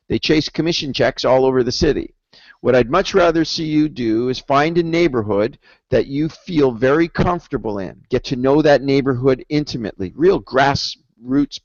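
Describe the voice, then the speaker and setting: A man giving a real estate sales training webinar in an energetic, persuasive style, with stories along the way. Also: medium pitch, vocal fry, dry recording. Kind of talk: webinar lecture. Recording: dull dry webinar audio.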